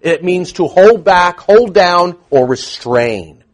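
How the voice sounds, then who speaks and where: A man preaching a sermon, shifting from hushed asides to loud, stressed peaks and repeating words for emphasis. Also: high-pitched, lively intonation, slow, hardly any pauses.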